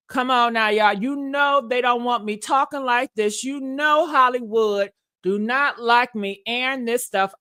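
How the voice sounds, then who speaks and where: Sassy woman gossip host, aave, slow and bright, dry mic, preaching at her viewers. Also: a little high, dry recording. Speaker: commentary channel host. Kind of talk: gossip commentary livestream. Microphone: streaming setup mic.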